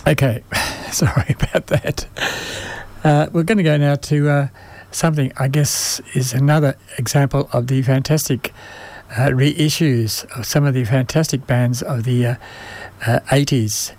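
A man presenting music on the radio, speaking haltingly with many pauses and fillers, and losing his voice. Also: mid-range voice, fairly even intonation, a little mellow. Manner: halting, many ums and uhs. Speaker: radio music show host.

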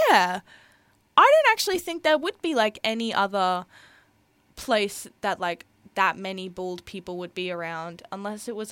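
A woman's voice: medium pitch, fairly bright tone, dry recording. A young woman hosting a community radio show, talking in a rambling, giggly way full of "like". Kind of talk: casual radio chat.

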